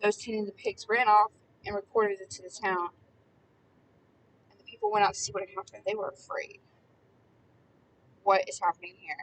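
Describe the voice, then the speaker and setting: A woman giving impassioned Bible commentary, emphatic and repetitive, swinging between hushed words and loud ones. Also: medium pitch, steady tone, moderate pace, pauses often, far from the mic, a little hiss or hum, low-quality recording. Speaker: preacher.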